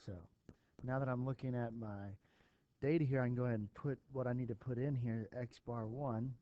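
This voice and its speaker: A man's voice: medium pitch, steady tone, a little fast, no room sound, muffled recording. A man teaching a recorded statistics lesson, thinking aloud with fillers as he works through an example for his students. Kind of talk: recorded math lesson walkthrough.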